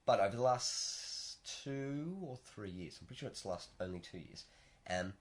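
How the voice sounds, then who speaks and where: A man with a low voice co-hosts a casual podcast. He tells stories with energy and jumps into louder, higher voices when he acts out both sides of an argument. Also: lively intonation, moderate pace. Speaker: podcast co-host. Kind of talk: casual chat. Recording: stereo podcast mic.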